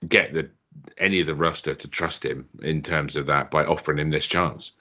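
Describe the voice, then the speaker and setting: A man's voice: very deep voice, fairly even intonation, fairly quick, pushed and bright. An easygoing man co-hosting a podcast, chatting casually about a wrestling show and laughing often. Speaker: podcast co-host. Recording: dull lo-fi mic.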